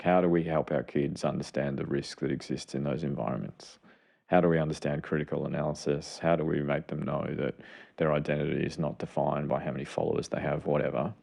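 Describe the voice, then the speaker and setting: A man's voice: very deep voice, gravelly, dark tone. A man co-hosting a podcast and explaining child mental health in an earnest, rambling way, correcting himself as he goes. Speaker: podcast co-host, child clinician. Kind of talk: casual explanatory chat.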